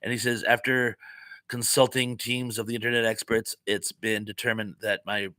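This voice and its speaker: A middle-aged man from the Northeastern US hosts a relaxed live chat. He reads viewer comments aloud and tosses in puns and chatty, self-deprecating asides. His voice is bright and crisp, recorded close and dry. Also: mid-range voice, moderate pace, no echo.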